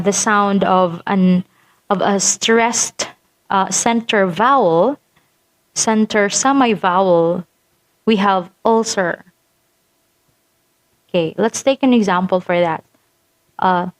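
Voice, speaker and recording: A woman teaching vowel sounds in a patient lesson, repeating sample words to demonstrate them. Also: mid-range voice. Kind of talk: phonetics lesson.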